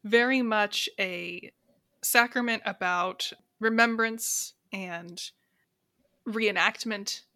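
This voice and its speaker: A woman's voice: medium pitch, slow pace, sharp tone, dry recording, studio quality. A woman co-hosting a casual film-discussion podcast, telling stories with many fillers. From raised Catholic. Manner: chatty, storytelling with lots of fillers. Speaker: podcast co-host.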